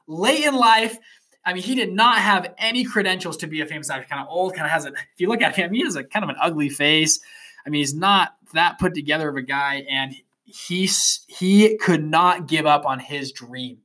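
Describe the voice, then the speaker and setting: A young man in his twenties hosts a podcast and tells a motivational story in a loose, animated monologue. His voice is bright and forceful. He rambles, piling up fillers and restarts as he goes. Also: fairly high pitch, normal speed. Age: 20s. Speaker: podcast host.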